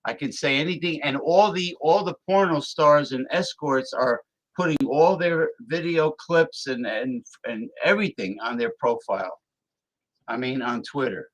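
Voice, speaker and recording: A man in a casual talk-show chat, relaxed, dropping wry asides. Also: fairly high pitch, normal speed, low-quality recording.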